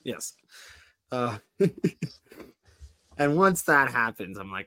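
A man co-hosting a casual podcast, rambling through a story with constant "like"s and restarts. His voice sits at an ordinary middle pitch. The sound is close and dry. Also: sing-song, drawn-out words, pushed and bright, no echo. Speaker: podcast co-host.

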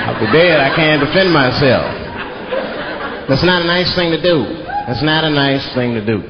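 A man from Washington, D.C. doing a stand-up comedy set in a theater, animated and jumping into mimicked voices. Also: fairly high pitch, moderate pace. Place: theater stage before a live audience. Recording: muffled live stage recording with loud crowd.

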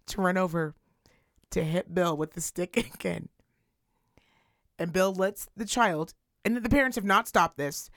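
A medium-pitched woman, recorded in clean studio quality with no room sound, co-hosts a podcast. She's an animated, profane storyteller who acts out the quotes while chatting casually.

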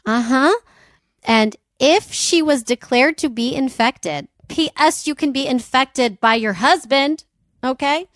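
A woman's voice: high-pitched, takes it slowly, a bit bright, dry recording. A woman co-hosting a casual history podcast, telling the story from her notes with wry, amused asides. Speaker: podcast co-host.

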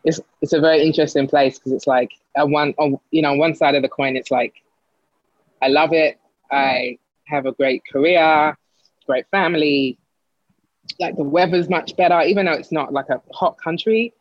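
A man talks in a loose, storytelling way, full of likes and quick restarts. His voice sits a bit high. The sound is dry and close, with a dull, muffled tone. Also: fairly even intonation, no room sound. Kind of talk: casual conversation.

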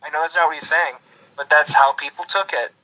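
A man's voice: on the high side, steady tone, a little fast, pushed and bright. A man hosting a podcast over the phone, ranting in a casual, profane, sarcastic way. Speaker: podcast host. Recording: phone call recording.

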